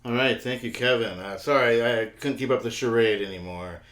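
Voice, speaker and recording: A man's voice: mid-range voice, moderate pace, fairly bright tone. A man hosting a storytelling show over a video call, joking and loose. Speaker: host. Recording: echoey room.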